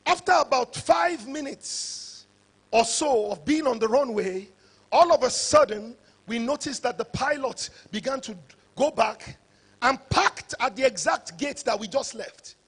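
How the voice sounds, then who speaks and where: A man giving a motivational conference talk, preacher-like and rising to shouts for emphasis. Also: very high-pitched, lively intonation, unhurried, husky. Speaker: conference speaker.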